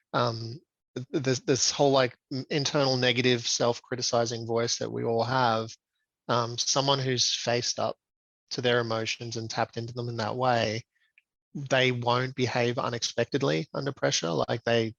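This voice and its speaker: A man being interviewed as a guest, speaking in a reflective, measured way with frequent ums. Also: medium pitch, creaky, fairly bright tone, dry recording, muffled recording. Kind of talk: conversational interview.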